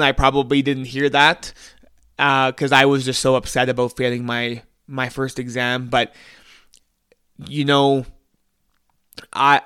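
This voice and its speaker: A man's voice: medium pitch, bright, forceful tone, clean tone, no room sound, studio quality. A young man hosting a podcast, telling a personal story in an earnest, reflective way with small restarts. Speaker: podcast host.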